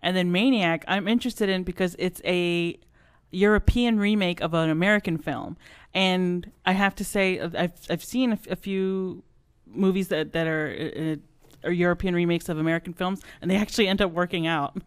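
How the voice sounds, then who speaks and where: A man on a casual movie podcast, talking in a halting way, often repeating words and laughing. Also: high-pitched, fairly even intonation, clean tone. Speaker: podcast co-host. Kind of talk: casual chat.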